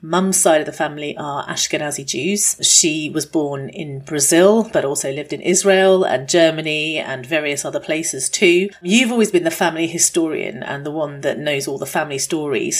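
Husky-voiced woman hosting a podcast. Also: low voice, moderate pace. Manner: lively, chatty storytelling, asks long questions. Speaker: podcast host. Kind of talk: conversational interview with her sister.

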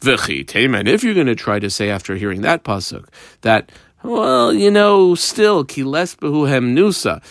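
A man at an ordinary middle pitch teaches a Talmud lesson line by line. He translates each phrase and explains it, stopping often on ums and uhs. The recording is dry and close with no room sound. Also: big pitch swings, normal speed, creaky, fairly bright tone, no echo.

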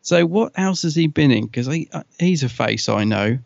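A man co-hosting a podcast, chatting casually and excitedly and laughing often. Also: fairly high pitch, moderate pace, vocal fry, no room sound, muffled recording. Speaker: podcast co-host. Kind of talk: casual chat.

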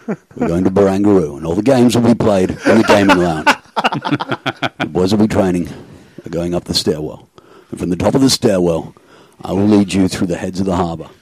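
A man's voice: brisk, darkish tone, slightly rough, dry recording. A man putting on a grandiose movie star giving a rousing battle speech, with an Australian accent. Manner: booming, theatrical battle speech.

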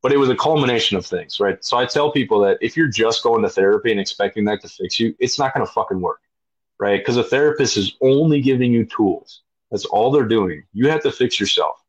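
On a podcast, a veteran in his thirties recounts his story in a blunt, casual, profane way, filling his speech with fillers. His husky, mid-range voice moves fairly quickly. The recording sounds dull and lo-fi.

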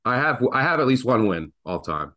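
A man co-hosts a casual sports betting podcast, joking around and telling animated stories. His voice sits at an ordinary middle pitch. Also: a little fast. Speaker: podcast co-host.

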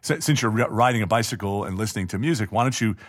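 Middle-aged male guest, low-set voice, rambling self-mocking anecdote style. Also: fast talker. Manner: chatty, self-deprecating, frequent restarts and laughs. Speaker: guest telling a personal story. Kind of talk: casual storytelling interview.

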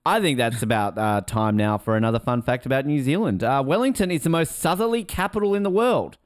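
A man's voice: mid-range voice, expressive, a little fast, no echo, clean studio sound. A man hosting a casual podcast chat, joking and teasing as he reads out fun facts. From Australia. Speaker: podcast host.

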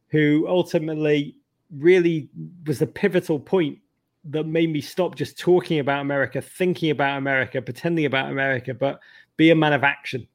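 A middle-aged English man with a fairly high voice tells stories on a podcast over a video call. He talks with lots of energy, swears casually, and jumps into other people's voices mid-story. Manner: animated, swearing, acts out voices. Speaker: podcast guest. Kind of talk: storytelling in conversation.

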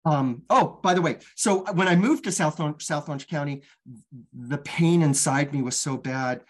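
A woman's voice: deep voice, normal speed. A middle-aged woman telling her own life story candidly as a guest, frank and casual, swearing freely.

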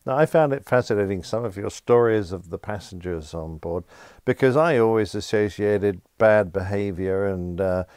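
A man's voice: on the low side, normal speed, few pauses, darkish tone, clear, resonant tone, no room sound, studio quality. A male host interviewing a guest in an easygoing, agreeable way and prompting him for stories. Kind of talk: conversational interview.

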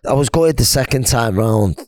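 A man's voice: animated, moderate pace, a little mellow, no echo, studio quality. A man, a retired boxer as a guest, telling stories in a chatty way and putting on the voices of the people he quotes. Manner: chatty storyteller, acts out quoted friends in a higher laughing voice. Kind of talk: casual podcast interview.

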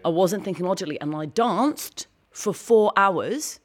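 A woman, a guest on an interview show, telling a long story quickly and with energy. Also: medium pitch. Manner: fast, animated storytelling with laughs. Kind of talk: casual interview chat.

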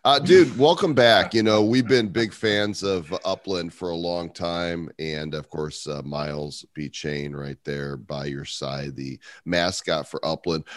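A man's voice: low-pitched, no room sound, studio quality. A man hosting a podcast, joking casually and leading the conversation. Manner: joking, relaxed, leads the conversation. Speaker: podcast host.

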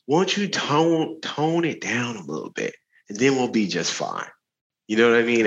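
A man talking candidly about his life as a guest, animated, laughing often, with lots of fillers and restarts. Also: fairly low pitch, dull audio. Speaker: guest speaker. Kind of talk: candid conversational storytelling.

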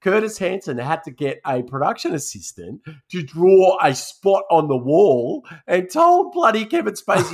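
A man's voice: high-pitched, very animated, moderate pace, hardly any pauses. A man, co-hosting a podcast in casual, slangy, blunt chat. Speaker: podcast co-host.

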